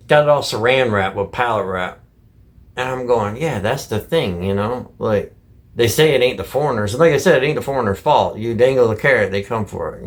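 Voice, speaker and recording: A middle-aged truck driver from Michigan, ranting casually to camera in blunt, heavily profane speech full of folksy slang. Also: male voice, mid-range voice. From Michigan, USA.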